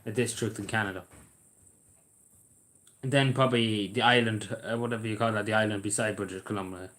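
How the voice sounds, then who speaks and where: A man's voice: fairly low pitch, fairly even intonation, fairly quick, a bit bright. An Irish man hosting a live stream, chatting casually in a blunt, rambling way and swearing freely, recorded on a camera mic indoors. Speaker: livestream host. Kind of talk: casual chat to a live audience.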